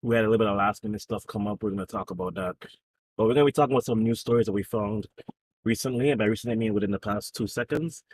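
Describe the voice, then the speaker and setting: A man's voice: fairly low pitch, racing, husky. A man co-hosting a casual podcast, opening the show and chatting loosely with his co-host. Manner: relaxed, affirming with frequent short replies.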